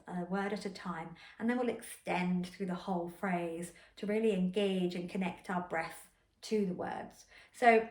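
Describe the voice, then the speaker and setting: A woman voice coach talks listeners through a vocal warm-up in a calm, encouraging way. Her voice sits at an ordinary pitch for a woman. It comes from a little away from the mic in a room with a lot of echo. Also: recorded from a distance. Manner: calm, encouraging instruction with spoken demonstrations. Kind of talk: guided vocal warm-up lesson. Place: indoor room. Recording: echoey room, voice a bit off-mic.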